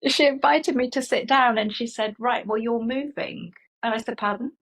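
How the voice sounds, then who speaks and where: Woman telling a story, husky. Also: on the high side, moderate pace, low-quality recording. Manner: animated, acts out quoted dialogue. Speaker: guest. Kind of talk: conversational storytelling.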